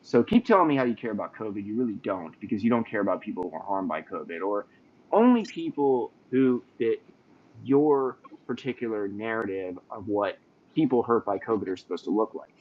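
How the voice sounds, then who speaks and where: A man with a lowish voice, speaking as a guest in a live audio chat. He sounds aggrieved and hesitant, and his line comes through dull and muffled with a faint hiss. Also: lively intonation, a little fast. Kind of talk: casual chat.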